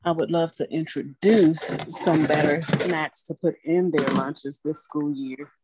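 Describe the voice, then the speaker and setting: A woman's voice: deep voice, steady tone, measured pace, heavy background noise. A woman taking part in a casual group video call, speaking in a plain, practical way. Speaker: participant on a group coaching call.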